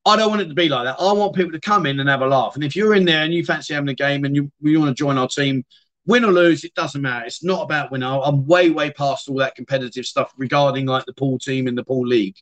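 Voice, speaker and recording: At a quick pace, a middle-aged man with a British accent hosts a casual home livestream, reading comments aloud and chatting loosely with viewers while often trailing off and restarting. His mid-range voice has a fairly bright tone.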